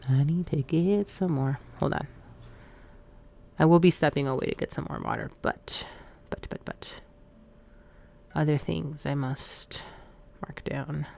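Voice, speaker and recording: A woman's voice: sits low, moderate pace, gravelly, darkish tone. A woman streamer chatting casually with her viewers, joking and rambling between thoughts. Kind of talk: casual live-stream chat.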